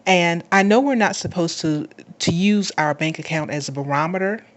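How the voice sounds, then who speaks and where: A woman speaker telling an emotional personal story, dramatically retelling her own words. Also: deep voice. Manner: emotional, dramatic retelling with vivid self-quotes. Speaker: podcast host, motivational speaker.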